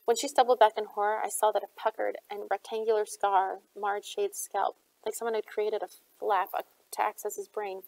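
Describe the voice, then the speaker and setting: A woman's voice: medium pitch, flat delivery, normal speed, gravelly, hardly any pauses, darkish tone, poor audio. A woman reading a novel aloud, narrating steadily as an audiobook reader.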